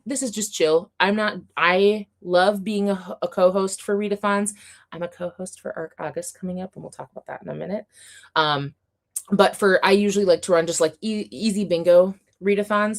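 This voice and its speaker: A woman hosting a casual livestream, chatting in an upbeat way and reading viewer comments aloud, with plenty of fillers and light laughs. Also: fairly low pitch. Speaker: livestream host reading chat.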